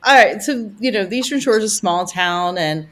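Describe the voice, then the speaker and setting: A woman talking as a podcast guest in casual conversation, chatty and rambling, with plenty of "you know" and animated retellings. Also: medium pitch, moderate pace, noisy background. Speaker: podcast guest, vacation rental owner.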